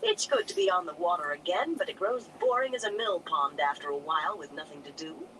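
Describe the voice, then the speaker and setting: A reader voicing a commanding older woman leader who is brisk, wry and stern, in an audiobook reading. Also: medium pitch, sing-song, fairly bright tone, a little hiss or hum, low-quality recording. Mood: cheerful. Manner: cheerful yet stern.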